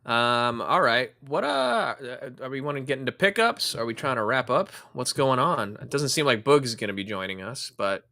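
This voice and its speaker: A man co-hosting a podcast in casual chat, cracking deadpan jokes and steering the conversation. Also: mid-range voice, normal speed, vocal fry, hardly any pauses. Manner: dry wisecracking, steers the show. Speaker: podcast co-host.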